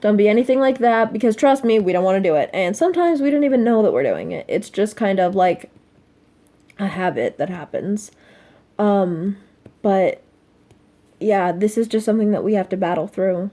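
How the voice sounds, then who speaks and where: Teen girl vlogging, soft and halting, kinda upset, lots of ums and likes. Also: mid-range voice, expressive. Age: teens. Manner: soft, halting, emotional, many fillers. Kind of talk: personal confessional vlog.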